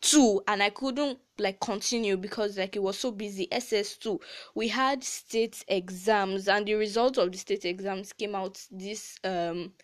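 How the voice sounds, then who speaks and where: A woman's voice: medium pitch, a little slow. A teenage girl with a Nigerian accent hosts her own podcast in a loose, casual chat. She talks in a chatty, heartfelt way, leaning on "like" and "um" as she goes. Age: teens. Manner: chatty and emotional, frequent "like" fillers and laughs. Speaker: podcast host.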